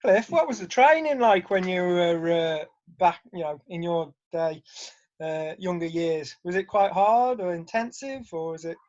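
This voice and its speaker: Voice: medium pitch, unhurried, darkish tone. Hesitant interviewer on a dull call line. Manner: hesitant questions with fillers. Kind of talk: casual online Q&A. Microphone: video call.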